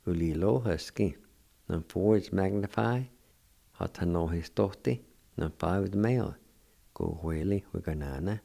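An older man hosting a radio language lesson, spelling words letter by letter and repeating each pronunciation slowly. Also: low-pitched, vocal fry, mellow. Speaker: radio host teaching language.

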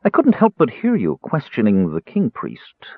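A man's voice: medium pitch, huge pitch swings, breathy edge, no echo, narrow, tinny audio, pitched above the performer's own voice, exaggerated voice. Man voicing a silky, menacing elven priest. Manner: mild, measured, quietly menacing. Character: smooth, silky elven high priest, older male.

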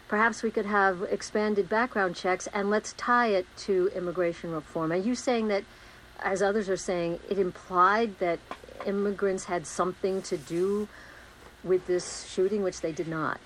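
A woman's voice: mid-range voice, normal speed, a little hiss or hum, poor audio. A woman anchoring a live news interview, asking probing questions with some fillers.

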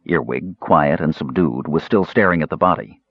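A man reading a fantasy novel aloud as an expressive audiobook narrator. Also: a bass voice, normal speed, husky, dry recording. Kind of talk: scripted narration. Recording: slightly muffled dry recording.

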